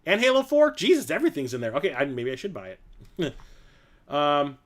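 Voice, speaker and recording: A man's voice: on the high side, wildly swooping pitch, fairly quick. A young adult man hosting a casual live-stream chat, rambling through stories and laughing often. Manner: rambling storyteller, laughs often, acts out quotes loudly.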